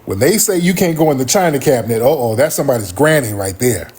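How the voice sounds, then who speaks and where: A middle-aged man spins a casual comic tale on a livestream, cursing freely and doubling back on his words. His voice has a husky grain, and his pitch leaps around with lively energy as he tells it. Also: quick pace. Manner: animated, profane, rambling with restarts. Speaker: livestream host.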